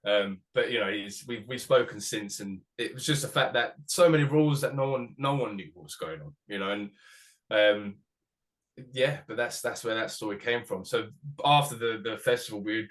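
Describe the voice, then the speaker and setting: A musician being interviewed, talking casually with many restarts and the odd swear word. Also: male voice, lowish voice, normal speed, fairly bright tone. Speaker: musician guest.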